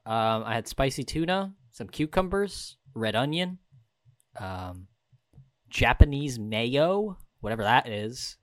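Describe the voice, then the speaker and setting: A man's voice: mid-range voice, sing-song, slow pace, no echo. A young man trading casual banter as a podcast co-host. He hesitates and restarts often, in a mid-range voice heard dry and close.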